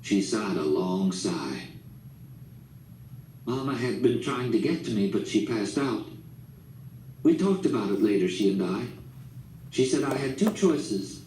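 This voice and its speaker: A man narrating a novel in a calm, measured storytelling manner. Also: lowish voice. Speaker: audiobook narrator. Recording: roomy, distant mic, faint background noise.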